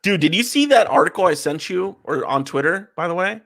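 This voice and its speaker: A man co-hosting a podcast, retelling a story in animated casual chat with lots of fillers. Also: high-pitched, fairly quick, creaky. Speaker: podcast co-host.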